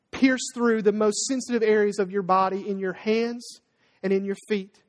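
Emphatic preacher in a reverberant hall. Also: mid-range voice. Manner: emphatic, rhetorical call-and-response questions. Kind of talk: sermon.

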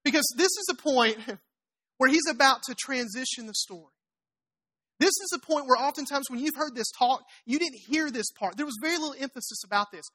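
Woman preacher with a somewhat high voice, animated storyteller who acts out the characters' lines in her sermon. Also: moderate pace. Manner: chatty asides to the congregation.

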